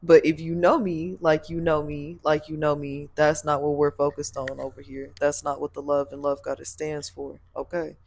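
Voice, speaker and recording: Gravelly-voiced blunt woman host. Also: sits low, flat delivery, moderate pace, hardly any pauses, a little mellow. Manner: blunt, preachy, laughs often. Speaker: podcast host and spiritual practitioner. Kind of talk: casual chat.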